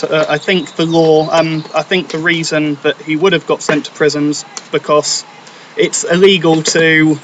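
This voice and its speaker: A man's voice: fairly high pitch, a bit bright. A man casually answering viewer questions, thoughtful and hesitant with frequent ums. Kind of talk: casual Q&A chat. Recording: noisy home recording.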